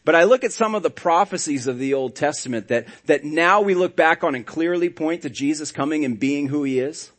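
Male pastor, fairly high voice, animated sermon storyteller with dry sarcastic asides. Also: a little fast, hardly any pauses. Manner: animated storytelling, swinging between hushed and loud.

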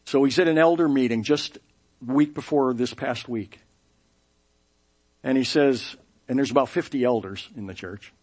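A middle-aged man preaching a sermon as pastor, telling stories in an animated way and acting out the people he quotes. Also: medium pitch, moderate pace, pauses often. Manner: animated storytelling, acting out quoted voices with laughs.

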